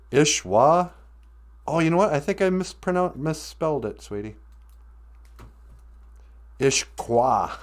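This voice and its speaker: Animated, playful man. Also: medium pitch. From north central Minnesota. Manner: playful, chuckling, greets chatters warmly. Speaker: host. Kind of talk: casual live stream chat.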